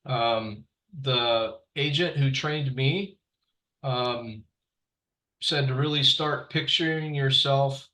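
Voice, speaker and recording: A man teaching real estate agents on a video call, speaking slowly and unhurriedly. He talks in a halting way, with many fillers and restarts, at an everyday middle pitch. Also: pushed and bright, poor audio. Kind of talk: online training session.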